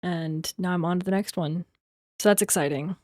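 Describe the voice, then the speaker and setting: A young adult woman livestreamer in rambling, casual chat, quick to laugh. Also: fairly low pitch, darkish tone, no echo, clean studio sound.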